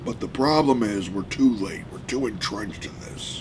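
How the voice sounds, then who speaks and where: A man from the United States ranting heatedly about politics, profane and often shouting. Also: fairly low pitch, normal speed, hardly any pauses, a little hiss or hum. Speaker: political vlogger.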